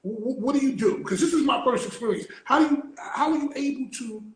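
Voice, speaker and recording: Excitable high-voiced man, roomy echo. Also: fast talker. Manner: excitable, stammering, animated storytelling. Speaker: interview host. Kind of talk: casual chat.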